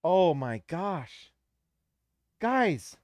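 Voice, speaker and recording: A man hosting a casual live stream, chatting straight to his viewers. He talks slowly and warmly, with a slightly raised pitch, and he gushes and repeats himself. The sound is close and dry, with no room echo. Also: sing-song. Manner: effusive, repeats himself, addresses viewers directly.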